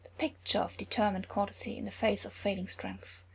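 A woman's voice: mid-range voice, little pitch movement, fairly quick, creaky, slight background noise. A woman reading a story aloud, dramatic and often dropping into a whisper. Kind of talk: reading fan fiction aloud.

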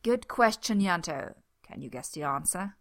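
A man's voice: high voice, animated, normal speed, fairly bright tone. A woman reading as a breezy commanding man. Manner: confident, breezy, theatrical. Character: cheerful commanding man in a greatcoat.

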